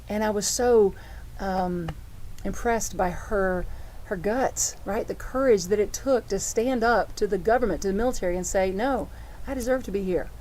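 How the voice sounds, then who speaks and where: A woman's voice: mid-range voice, mellow. A middle-aged woman pastor giving a conversational sermon, telling personal stories in a heartfelt way. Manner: heartfelt, personal storytelling with frequent restarts.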